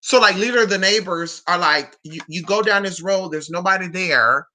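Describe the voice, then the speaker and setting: A young woman vlogger chatting casually and gossiping, with drawn-out "honey" and "girl" asides. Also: fairly low pitch, bright, forceful tone. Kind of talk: casual chat to camera.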